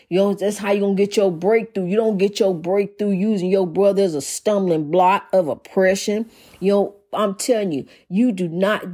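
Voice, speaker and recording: A woman's voice: mid-range voice, darkish tone, husky. A woman preaching an informal sermon in rhythmic, repeated refrains, folksy and calling her listeners honey.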